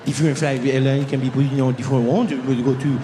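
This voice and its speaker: A man's voice: medium pitch, fairly even intonation, mellow, echoey room, big-room sound, slight background noise, natural voice. A man doing an old French clerk rambling. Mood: muddled. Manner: halting, rambling broken English. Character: older French man, airport information clerk.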